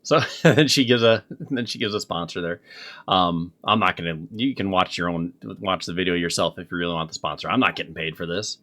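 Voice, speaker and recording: A man from Minnesota hosting a casual reaction commentary, rambling and halting with many restarts. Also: sits low, a bit bright. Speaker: commentary channel host.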